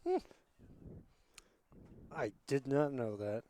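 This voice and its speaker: A man's voice: medium pitch, takes it slowly, slight background noise. Chatty man doing rugby commentary. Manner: chatty, rambling asides, excited bursts on plays. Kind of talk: amateur sports commentary. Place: commentary booth at a school rugby pitch.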